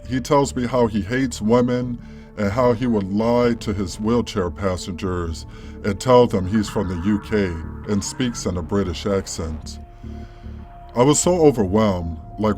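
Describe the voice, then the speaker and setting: A man calmly reading a first-person story as a scripted narration. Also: on the low side. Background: faint background music.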